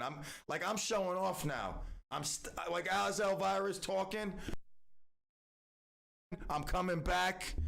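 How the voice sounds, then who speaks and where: A man's voice: a little high, gravelly, a bit bright. A man hosting a call-in radio show, talking in a playful, rambling, self-mocking way. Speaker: radio host.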